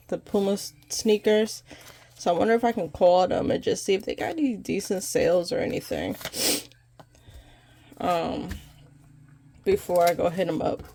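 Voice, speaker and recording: A chatty woman talks casually to her viewers, her voice stuffy and congested from allergies. She rambles loosely and colloquially at an ordinary pitch for a woman. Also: warm tone. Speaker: budgeting vlogger. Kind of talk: casual chat to camera.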